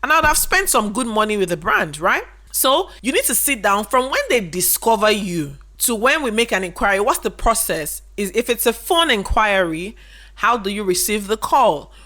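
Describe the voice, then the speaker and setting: A woman's mid-range voice swings widely in pitch at normal speed, sounding pushed and bright. She's a business educator giving a relaxed instructional talk to camera, built on rhetorical questions and repeated key points.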